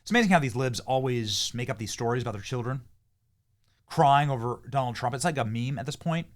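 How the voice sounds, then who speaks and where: Heated, animated male political commentator. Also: mid-range voice, brisk. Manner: heated, emphatic, combative. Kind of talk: opinion commentary.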